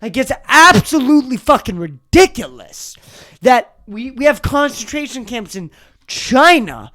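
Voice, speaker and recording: A young adult podcast host giving an angry, profane rant on a solo episode, sometimes breaking into shouts. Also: high voice, very animated, unhurried.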